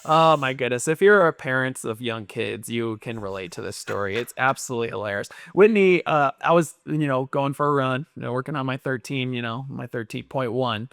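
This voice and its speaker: A man co-hosting a podcast, telling a family story in an animated way and laughing often. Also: mid-range voice, brisk, gravelly, hardly any pauses, smooth, no echo. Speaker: podcast co-host. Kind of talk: casual chat.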